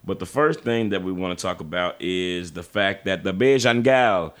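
A man's voice: deep voice, expressive, moderate pace. A man hosting a podcast in casual chat, loose and stumbling over his words as he reads the segments. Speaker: podcast host.

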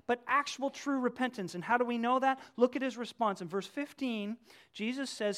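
Animated preacher, hushed to booming. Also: normal speed. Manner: swings from hushed to loud, animated storytelling. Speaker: pastor. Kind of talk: sermon.

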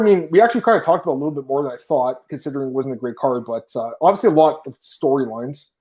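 A Canadian man hosting a podcast, talking fast and emphatically and calling his listeners "guys". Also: mid-range voice, warm tone. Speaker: podcast host. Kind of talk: casual podcast chat.

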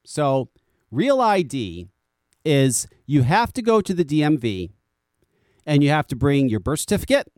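A man's voice: on the high side, very animated, measured pace, darkish tone, no echo, clean studio sound. An American man hosting a podcast, ranting casually with frequent swearing and repeated words. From United States. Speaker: podcast host.

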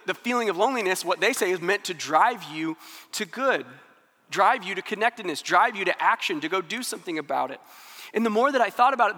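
A high, bright male voice preaching a sermon. He talks earnestly and conversationally and acts out the inner thoughts of his listeners. His voice rings with the long reverb of a hall.

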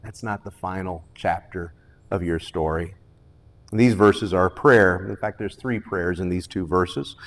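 A man preaching a sermon in an earnest, questioning way, moving from loud pleading to hushed, reflective lines. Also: low-pitched, fairly even intonation, measured pace, in a large hall. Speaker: pastor.

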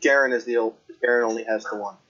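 A man's voice: medium pitch, fairly even intonation, fast talker, a bit bright. A man playing a tabletop game, declaring his character's actions in casual chat with the table, on a dull lo-fi recording. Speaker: player.

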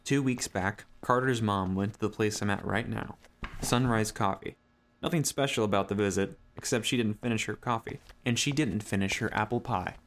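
A middle-aged man voicing a world-weary male duck private eye who narrates a noir game in a dry, deadpan, wisecracking way. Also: on the low side, normal speed. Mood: wry.

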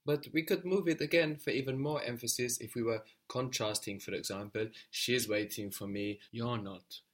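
A man calmly explaining grammar points in a language lesson. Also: mid-range voice, normal speed. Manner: calm, explanatory. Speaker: language teacher.

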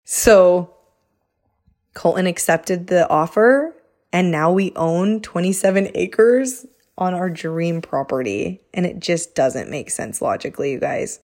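Young woman vlogger, lower-pitched voice, chatty storyteller who keeps slipping into quoted voices. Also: expressive, slow, a little mellow. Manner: chatty, filler-heavy, acts out quotes. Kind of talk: casual storytelling to camera.

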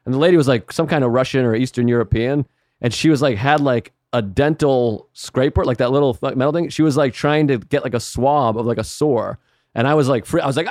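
Fast-talking man telling stories. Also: medium pitch, a little mellow, no room sound, studio quality. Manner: rapid, rambling storytelling with frequent "like". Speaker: comedian guest. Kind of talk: casual podcast chat.

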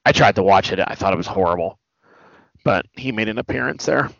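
A man's voice: on the low side, animated, fairly quick, gravelly, a bit bright, no room sound. A man hosting a podcast, chatting loosely about pop culture in a rambling way and swearing freely. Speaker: podcast host. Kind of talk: casual pop culture chat. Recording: dull lo-fi dry recording.

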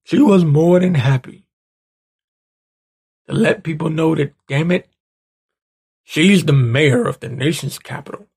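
A man rants at his audience with angry, profane energy, his voice gravelly and rough at the edges. He sits slightly higher than most men and keeps pushing into heated bursts. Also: unhurried, long pauses, a little mellow. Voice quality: gravelly, husky. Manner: angry, profane, ranting, rising to heated outbursts. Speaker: show host. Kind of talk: profane political rant.

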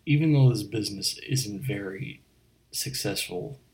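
A man in a whispered role-play, playing a chatty, rambling late-night bartender who stammers and speaks softly. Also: on the low side, measured pace, creaky, rough recording. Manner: rambling, stammering, soft-spoken.

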